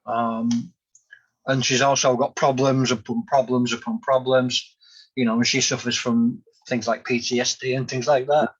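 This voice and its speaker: A man's voice: mid-range voice, flat delivery, moderate pace, breathy edge, dull audio. A middle-aged man hosting a candid podcast chat, hesitant with many ums. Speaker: host.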